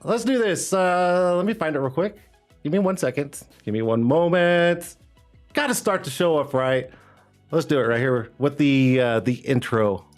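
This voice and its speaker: Guy hosting a live stream, kinda high voice, rambly and hyped, faint music behind. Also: lively intonation, moderate pace. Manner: loose, rambling, hype talk with frequent "uh" and laughs. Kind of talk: casual live stream chat. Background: faint background music.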